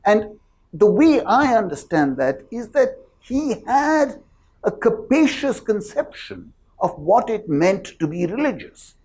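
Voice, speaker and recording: Slow, measured panelist with lively tone. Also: mid-range voice, rough recording. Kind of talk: panel discussion.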